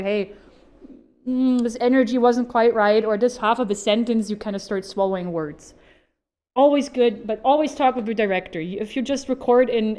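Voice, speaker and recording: A woman's voice: mid-range voice, darkish tone. A woman voice actor giving an informal how-to talk at a convention panel, chatty and upbeat with jokey asides.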